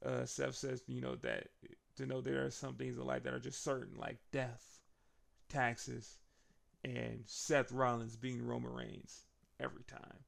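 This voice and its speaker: A man giving a casual, animated recap of a wrestling show, laughing often and acting out the wrestlers' lines. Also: mid-range voice, a little slow, vocal fry.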